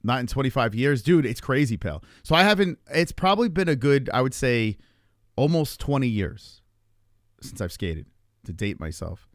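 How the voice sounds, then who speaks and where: A man in his forties telling a long story to his stream chat in a rambling, profane, animated way. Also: mid-range voice, moderate pace, no room sound, clean studio sound. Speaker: live streamer.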